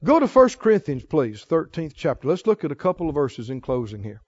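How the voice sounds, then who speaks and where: A middle-aged male pastor preaching a sermon, moving between quiet emotional storytelling and forceful exhortation. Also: fairly high pitch, sing-song, brisk, no room sound, lo-fi sound.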